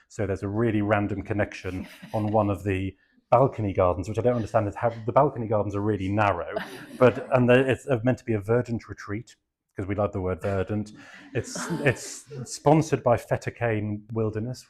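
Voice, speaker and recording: On the low side and a little mellow, the voice belongs to a middle-aged man from southeast England, a garden designer. He's delivering a chatty public talk that rambles, pokes fun at himself, and is full of fillers.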